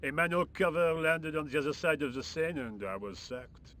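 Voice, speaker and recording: A man's voice: fairly high pitch, lively intonation, a little fast, bright, forceful tone. An actor playing a lazy, chain-smoking French workman, with a French accent and a drawling, sardonic delivery. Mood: indifferent.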